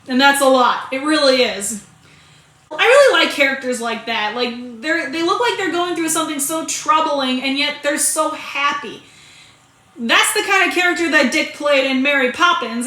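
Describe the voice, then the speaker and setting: Woman, casual movie reviewer, high and bright, chatty, keeps restarting her sentences, echoey room. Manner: chatty and rambling, with frequent restarts and laughs.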